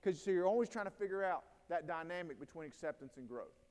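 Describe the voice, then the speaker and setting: High-voiced man in an echoing hall. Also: fast. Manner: storytelling, animated, acts out quotes. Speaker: keynote speaker at a teacher training day. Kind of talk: conference talk to educators. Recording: long hall reverb.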